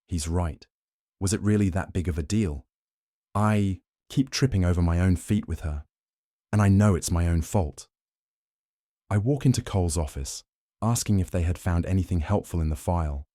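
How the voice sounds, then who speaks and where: A man narrating a first-person audiobook in a plain, steady storytelling manner. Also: sits low, no room sound, studio quality.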